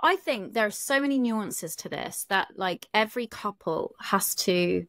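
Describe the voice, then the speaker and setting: A woman's voice: medium pitch, expressive, unhurried, fairly bright tone, dry recording, studio quality. Frank British woman, relationship coach. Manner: frank, chatty, swears casually, many fillers. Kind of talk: candid podcast conversation.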